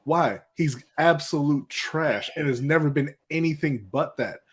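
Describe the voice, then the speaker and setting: A man's voice: fairly high pitch, unhurried, breathy edge. A man co-hosting a casual sports podcast, blunt and emphatic as he rants his opinions. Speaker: podcast co-host.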